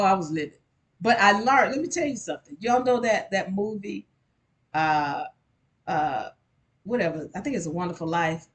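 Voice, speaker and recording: A woman telling a personal story to a live audience, speaking directly to the crowd and pushing her voice up sharply when she gets heated. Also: medium pitch. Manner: animated, addresses the audience directly, voice rises sharply in anger. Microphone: microphone at a live event.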